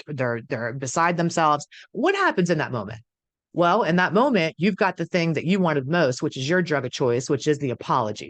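A woman's voice: sits low, no echo. Earnest woman coach, dry close sound. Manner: earnest and emphatic, acts out quoted voices. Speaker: addiction and codependency coach. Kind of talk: direct-to-camera teaching talk.

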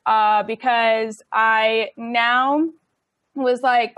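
A woman's voice: fairly high pitch, steady tone, takes it slowly, fairly bright tone, no echo, clean studio sound. A young woman telling her story in a chatty, casual way, with many likes and ums and laughs between phrases. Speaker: interview guest.

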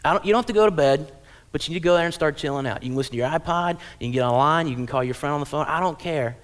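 Conversational preaching man, fairly high voice. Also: very fast. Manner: conversational, animated storytelling with acted quotes. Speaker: pastor. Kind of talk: sermon. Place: church auditorium.

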